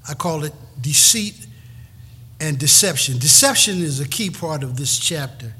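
A man's voice: on the high side, animated, a little slow, pushed and bright, slightly rough. A middle-aged male pastor preaching a sermon in a folksy, emphatic way, often repeating words as he builds a point.

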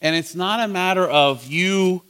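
A man teaching a Bible study as pastor, asking his listeners questions and swinging between loud emphasis and soft asides. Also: high-pitched, a little slow, clear, resonant tone.

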